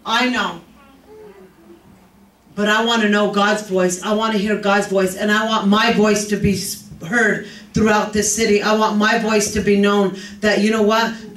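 A man preaching a sermon with impassioned, repetitive phrasing that rises into shouts. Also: sits high, slight background noise. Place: church sanctuary. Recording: echoey church from far off.

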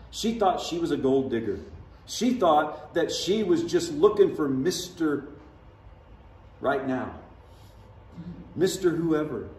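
A male pastor with a medium-pitched, gravelly, somewhat dark voice preaches a sermon in a conversational style, slipping into dramatic voices when he quotes people. He's in a large church sanctuary, recorded from far away, so the hall echoes and there's a slight hiss or hum.

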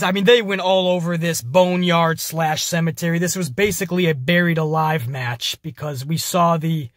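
A man's voice: sits high, fairly bright tone, no echo, studio quality. A man hosting a podcast, energetically retelling a wrestling show in casual, profane language. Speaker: podcast host.

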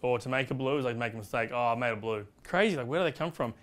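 A man's voice: medium pitch, expressive, racing, a bit bright. An Australian man explaining slang in casual, chatty talk, full of fillers, hopping from one word to the next.

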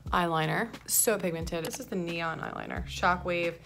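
Chatty slightly breathless woman, low voice. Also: steady tone, moderate pace, creaky, a bit bright, faint music behind. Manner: chatty, filler-heavy, enthusiastic about products. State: a bit out of breath. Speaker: makeup artist. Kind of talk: casual makeup tutorial.

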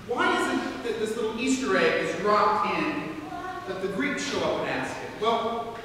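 A man's voice: extremely high pitch, sharp tone, a little hiss or hum. A male pastor with an American accent, preaching an earnest sermon that builds to emphatic, repeated phrases. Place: large church sanctuary. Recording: echoey church, distant mic.

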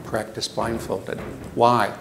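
An older man giving a lecture, animated, asking the audience questions and repeating himself for emphasis. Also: on the low side, slow pace, vocal fry, reverberant, noisy background. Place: lecture hall.

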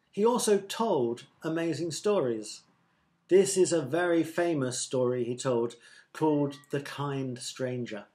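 A man reading a Bible story aloud for a short church thought of the day, clear and even. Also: a little high. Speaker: church speaker.

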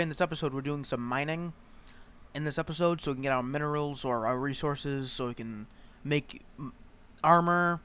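A man's voice: on the high side, fairly bright tone, clean tone. A man hosting a game play-through, chatting in a rambling way with many fillers. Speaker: gaming channel host. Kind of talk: let's play commentary.

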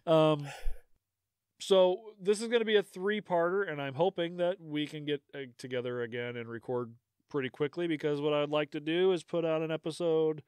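A man hosting a casual podcast, talking through show plans in a loose, rambling way. His voice is smooth and clear, recorded dry and close with no room sound. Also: a little high, moderate pace, darkish tone, no room sound. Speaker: podcast host. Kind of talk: casual chat.

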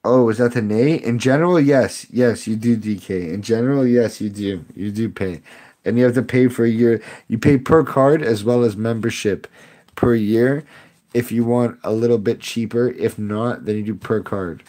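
A man's voice: mid-range voice, normal speed, dark tone. A young man live-streaming card pack openings, chatting with viewers, sarcastic and laughing often. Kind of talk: casual live-stream chat.

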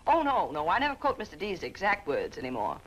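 An actress in a 1940s film playing a brisk, sly secretary who talks in a dry, coy manner. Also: female voice, lowish voice, huge pitch swings, dull audio.

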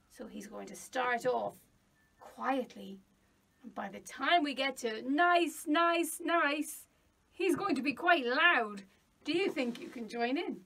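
A woman music teacher singing and talking to young children, slow, clear and playful, sometimes dropping to a whisper. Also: sits high, a bit bright, far from the mic. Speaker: early years music teacher.

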